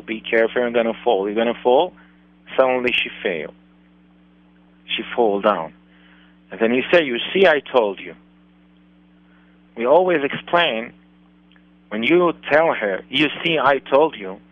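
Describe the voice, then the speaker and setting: A man with an Israeli accent, a rabbi answering a listener's question on a radio advice show, speaking slowly and deliberately with many pauses and fillers. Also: medium pitch, no room sound. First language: Hebrew. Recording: dull lo-fi radio broadcast.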